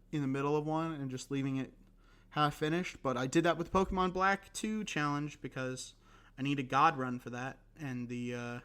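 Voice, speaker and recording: A hoarse young man hosting a casual solo podcast, rambling and self-deprecating with lots of fillers and restarts. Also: on the high side, a bit bright. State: hoarse, recovering voice. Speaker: podcast host.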